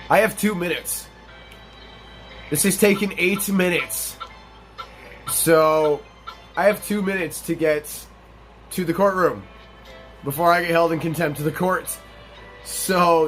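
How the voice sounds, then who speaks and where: Young male gaming host, slightly high voice, casual and profane, telling stories over faint game music. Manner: profane, rambling, animated storyteller. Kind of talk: casual let's-play commentary with storytelling.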